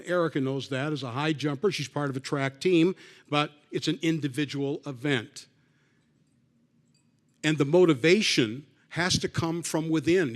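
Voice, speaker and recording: A man emceeing a hall of fame banquet, joking wryly between speakers and introducing the next presenter. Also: fairly high pitch. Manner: wry, joking, conversational.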